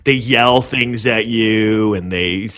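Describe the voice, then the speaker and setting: A man's voice: on the low side, takes it slowly, a bit bright. A comedian in casual chat who rambles, filling his talk with "like" and restarting his sentences. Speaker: stand-up comedian.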